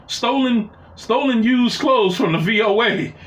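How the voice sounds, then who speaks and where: A man's voice: extremely high pitch, lively intonation, measured pace, fairly bright tone. Profane, rambling male storyteller, echoey room. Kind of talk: casual personal storytelling.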